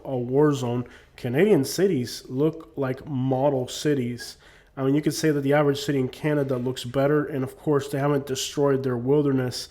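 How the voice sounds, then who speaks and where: Delivering a casual opinion monologue to camera, this YouTuber has a medium-pitched, dark voice. He rambles a lot and keeps dropping fillers like "you know what I'm saying."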